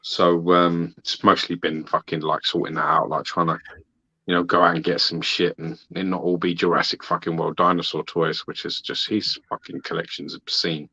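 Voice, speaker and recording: A man's voice: deep voice, level tone, normal speed, pushed and bright, breathy edge, dry recording. A man and father of a young son, chatting casually on a podcast in a laid-back, teasing way with frequent swearing. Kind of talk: casual chat. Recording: dull lo-fi mic.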